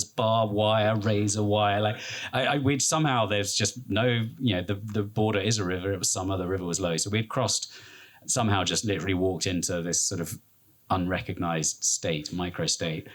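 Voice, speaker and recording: Low-voiced British man telling travel stories. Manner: rambling, acts out quoted voices. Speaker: explorer and podcast guest. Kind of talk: storytelling in a live interview.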